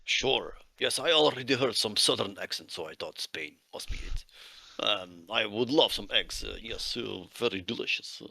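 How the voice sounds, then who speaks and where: A stocky, filthy coal miner, as a man puts him on, speaks halting, polite broken English. His voice sits low and sounds bright, close and dry. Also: lively intonation, vocal fry, no room sound, heavily acted. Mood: earnest. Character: stocky grimy middle-aged male coal miner.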